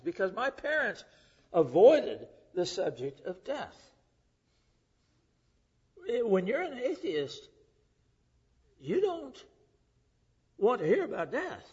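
A middle-aged male preacher delivering a sermon, rising to loud emphasis and dropping to hushed, whispered lines. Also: high voice, husky. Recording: dull lo-fi recording.

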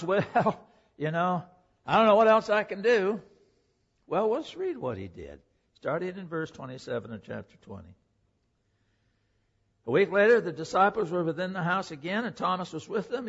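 A man preaching a sermon, emphatic, swinging between loud declaring and hushed, quiet passages. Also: a little high, vocal fry, breathy edge. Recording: dull lo-fi recording.

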